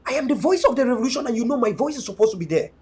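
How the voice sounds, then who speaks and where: A man's voice: very high voice, animated, rapid-fire, darkish tone, breathy edge. A young man speaking as an activist and online media host, delivering a fervent, emphatic political monologue with repeated restarts. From Cameroon, North West (Bui).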